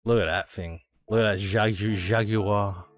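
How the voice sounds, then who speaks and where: A man's voice: on the low side, fairly even intonation, unhurried, faint music behind. An Australian man streaming a racing sim, chatting casually to viewers, thinking aloud and swearing freely. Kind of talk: casual gameplay chat.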